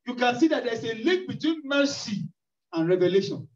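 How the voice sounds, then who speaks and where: A man's voice: very high-pitched, expressive, normal speed. A man preaching a sermon in an emphatic, repetitive style, his voice rising into cries. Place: church hall. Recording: echoey distant lo-fi church recording.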